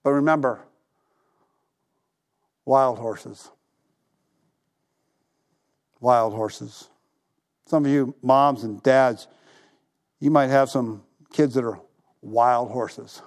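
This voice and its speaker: A male pastor preaching a sermon, telling stories animatedly, acting out the voices he quotes and dropping to a hush for emphasis. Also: medium pitch, a little slow. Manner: drops to a hushed voice for emphasis.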